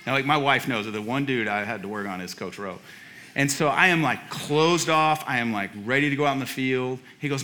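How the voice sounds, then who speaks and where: A man's voice: medium pitch, brisk, bright, forceful tone. A man in his forties, a pastor telling a personal story in a sermon, casual and chatty, laughing at himself and restarting his sentences.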